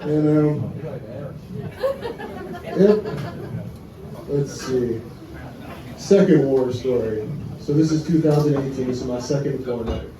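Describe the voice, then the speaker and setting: A man's voice: mid-range voice, slow, pauses often. Crude young man telling stories at a club. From Wisconsin. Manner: crude, profane storytelling with audience laughter. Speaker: stand-up comedian. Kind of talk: stand-up comedy set. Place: comedy club stage. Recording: roomy club sound from a distance, crowd laughter.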